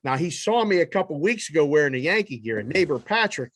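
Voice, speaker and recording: A man hosting a casual sports podcast, leading the banter in an animated, profane way. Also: fairly high pitch, quick pace, no echo, clean studio sound. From lives in Las Vegas. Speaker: podcast host.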